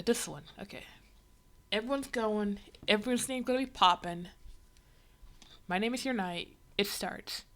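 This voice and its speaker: A woman's voice: mid-range voice, fairly bright tone. A woman livestreaming, giving casual reaction commentary in an exasperated, ranting way.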